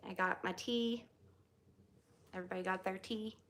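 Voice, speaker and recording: A woman's voice: mid-range voice, steady tone, normal speed, fairly bright tone. A woman, chatting casually with livestream viewers, greeting them by name and laughing often. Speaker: livestream host.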